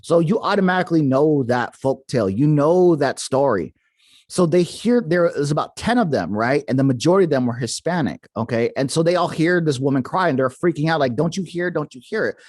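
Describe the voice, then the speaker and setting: A man's voice: a little high, expressive, fairly quick, a little mellow, no echo. Rambling male podcast host, dry sound. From Arizona. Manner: rambling, many fillers and restarts. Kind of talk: casual storytelling.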